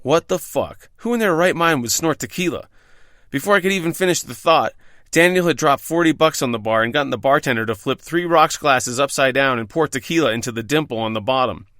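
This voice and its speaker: Wry, profane male storyteller, bright voice. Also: mid-range voice, brisk, no room sound, clean studio sound. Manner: profane, wry, self-deprecating. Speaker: podcast host telling his own bartending stories. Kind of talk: scripted first-person storytelling.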